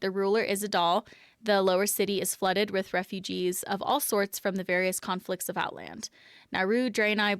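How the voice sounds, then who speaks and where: Recorded at studio quality with no echo, a woman's mid-range, fairly bright and clean voice narrates a game lore tour on her live stream. She's chatty and self-deprecating and laughs whenever she mispronounces something.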